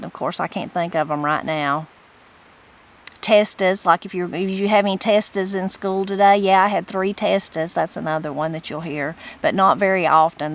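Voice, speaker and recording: A woman with an Appalachian accent hosting a regional culture channel, reading dictionary entries aloud and commenting on them in a relaxed, chatty way with loose restarts. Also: on the low side, low-quality recording.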